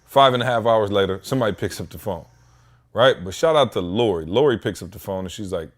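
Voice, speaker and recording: A man hosting a podcast from his home basement, telling a story in a casual, slangy, animated way that climbs in pitch when he gets worked up. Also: quick pace. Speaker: podcast host.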